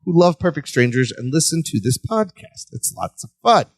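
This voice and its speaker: A man co-hosting a chat podcast, jumping in eagerly to retell scenes. His voice sits a bit high and swings widely in pitch, recorded close and dry. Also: sing-song, normal speed, no echo. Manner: enthusiastic, laughs often, chimes in. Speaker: podcast co-host. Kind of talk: casual chat recapping a sitcom episode.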